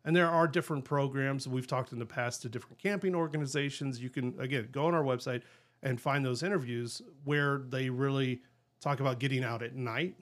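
A middle-aged man co-hosts a podcast in a mid-range, steady voice, moving along briskly. He's chatty and laughs easily, spinning rambling stories in a casual conversation.

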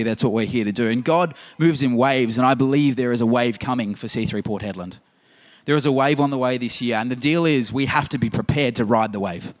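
A man preaching a sermon in a conversational, emphatic way, full of rhetorical questions. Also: medium pitch. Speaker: pastor.

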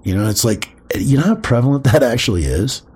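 A man's voice: medium pitch, lively intonation, fairly quick, darkish tone, breathy edge. A man hosting a podcast, talking casually about spirituality, acting out quoted voices and swearing freely. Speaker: podcast host.

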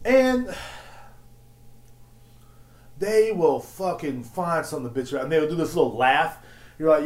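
A man rants alone on his podcast, animated and slangy, with swearing all through. His voice sits a little high. The sound carries a roomy echo. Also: unhurried, long pauses. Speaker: podcast host. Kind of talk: profane solo podcast rant.

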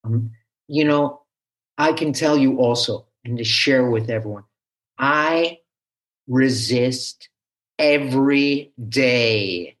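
A man who teaches, talking as a guest in an interview in a halting, animated way with frequent restarts. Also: mid-range voice. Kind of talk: conversational interview.

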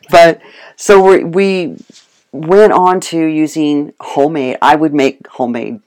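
Guest speaker: animated casual storyteller, mid-range pitch, frequent laughs. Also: slow. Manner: animated storytelling, acts out quotes; laughs often. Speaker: guest speaking on homemade dog food. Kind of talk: casual chat.

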